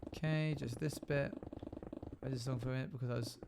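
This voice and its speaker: A man's voice: medium pitch, steady tone, fairly quick, gravelly, heavy background noise. A male live streamer chatting casually and playfully, often humming and scatting between remarks. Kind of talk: casual chat while gaming on stream.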